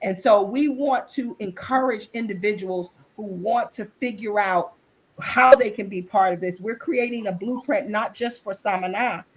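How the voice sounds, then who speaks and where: A woman's voice: mid-range voice, moderate pace, breathy edge, rough recording. An earnest, faith-driven woman on a video call. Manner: earnest, faith-driven, often restarts and repeats words. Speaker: guest author and business executive. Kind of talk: impassioned interview talk.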